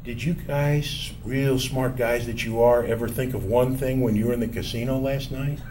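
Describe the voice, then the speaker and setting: A man voicing an older father figure with a quiet, gravelly, godfather-like voice and a dry, calmly menacing manner. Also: medium pitch, normal speed, slight background noise, lightly acted. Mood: dry teasing.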